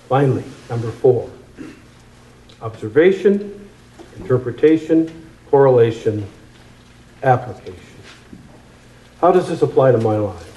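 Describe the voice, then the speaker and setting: Male preacher, sermon delivery, emphatic with repetitions, dark mellow timbre, echoey room. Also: medium pitch. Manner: emphatic, repeats phrases for effect, slows on key words.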